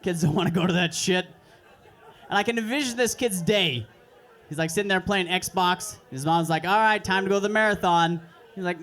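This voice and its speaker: A young man with a fairly high voice works through a stand-up set at an open mic. His delivery is crude, deadpan and self-mocking, and he speaks into a handheld stage mic. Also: normal speed. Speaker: stand-up comedian. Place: comedy club stage.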